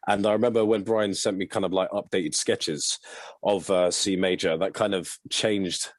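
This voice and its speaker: A man's voice: deep voice, steady tone, moderate pace, no room sound. A man who acts in the show, answering interview questions about his character over a video call, thoughtful and hesitant. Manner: thoughtful, hesitant with many fillers. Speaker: actor.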